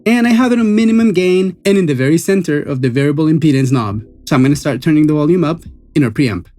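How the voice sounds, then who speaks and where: A man's voice: on the high side, animated, fast, dark tone. A man giving a casual, enthusiastic gear demo, talking to the viewer as a friend while he swaps studio microphones. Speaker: gear reviewer. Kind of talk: casual demo talk to camera. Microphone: studio microphones, swapped during test. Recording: dry close studio sound.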